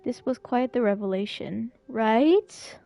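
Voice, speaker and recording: A woman's voice: on the high side, expressive, takes it slowly, vocal fry, mellow. A young adult woman streamer reacting emotionally to a game story, tearful and laughing, on a close dry mic.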